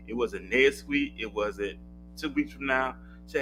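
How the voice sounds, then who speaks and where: A man hosting a talk show who speaks in a relaxed, conversational way. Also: on the low side, brisk, soft background music, poor audio. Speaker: podcast host. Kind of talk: casual chat.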